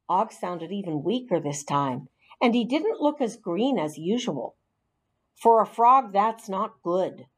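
A woman reading a children's storybook aloud in an expressive, animated way. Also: medium pitch. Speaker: narrator.

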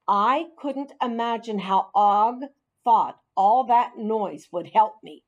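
A woman reading a children's storybook aloud in an expressive, animated way. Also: mid-range voice, slow. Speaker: narrator.

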